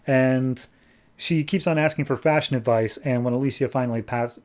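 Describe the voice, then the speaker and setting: A man's voice: medium pitch, moderate pace, a little mellow. A man hosting a podcast, chattily recapping a comic book story with lots of filler words. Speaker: podcast host.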